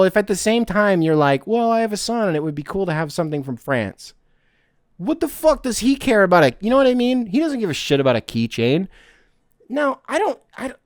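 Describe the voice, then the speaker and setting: Excitable man hosting a podcast from his room, dry close mic, gushing and shouting with laughter, swearing loosely. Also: sits high, dry recording. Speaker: podcast host. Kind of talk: excited gift unboxing on a podcast. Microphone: podcast mic, headphones taken off.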